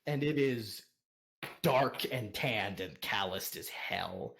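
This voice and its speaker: Man game master, slow deliberate pace, lively pitch, laughs a lot, tabletop narration. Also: vocal fry. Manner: laughing often, animated.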